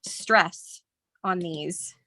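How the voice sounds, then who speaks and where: Speaking extremely slowly, a woman with a lowish, pushed, bright voice demonstrates a stencil craft as a guest designer, laughing often and keeping things friendly. She hails from near St. Louis in Southern Illinois, and the recording has no room sound.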